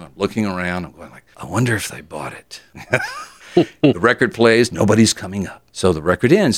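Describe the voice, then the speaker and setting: Lively older man telling stories. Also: no echo. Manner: animated storyteller, acts out voices and jumps in pitch when excited. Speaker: interview guest, former radio DJ. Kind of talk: casual storytelling interview.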